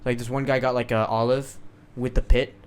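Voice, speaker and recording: A young man co-hosting a podcast, chatting in an animated way, swearing and laughing often. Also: medium pitch, fairly quick, slight background noise. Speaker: podcast co-host. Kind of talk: casual chat.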